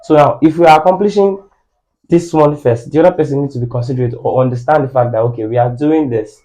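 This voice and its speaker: A man's voice: mid-range voice, fast, dark tone, poor audio. A man explaining his view step by step in a casual podcast chat.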